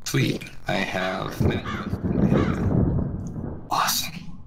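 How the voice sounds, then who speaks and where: A man's voice: low voice, wildly swooping pitch, extremely slow, creaky, heavy background noise. A man playing in a tabletop game, joking and rambling casually. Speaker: player.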